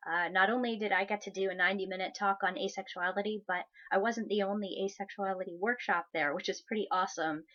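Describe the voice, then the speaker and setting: A woman's voice: on the low side, a bit bright, highs cut off. A woman in her thirties hosting her own vlog, chatty and upbeat. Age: 30s. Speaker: vlogger. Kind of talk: casual vlog chat.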